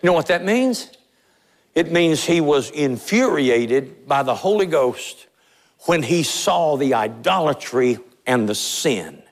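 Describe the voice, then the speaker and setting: A man's voice: on the high side, very animated, slow pace. A pastor preaching a sermon in a church, fiery and emphatic, pressing his points with rising intensity. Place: church sanctuary. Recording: long reverb of a large church hall.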